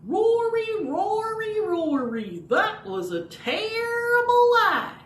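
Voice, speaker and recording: A woman voicing an excitable male puppet dog who scolds his friend in a shrill, drawn-out way. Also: slight background noise, full character voice. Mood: scolding. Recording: echoey room.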